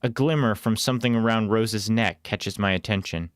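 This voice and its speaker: A man reading a storybook aloud in a plain, unhurried way with small casual asides. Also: on the low side, clear, resonant tone, no room sound, studio quality.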